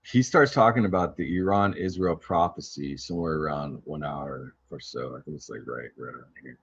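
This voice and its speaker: A man hosts a podcast and chats casually, dropping offhand asides. His voice is low and deep. The audio is dull and lo-fi. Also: moderate pace, breathy edge. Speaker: podcast host. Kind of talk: casual commentary.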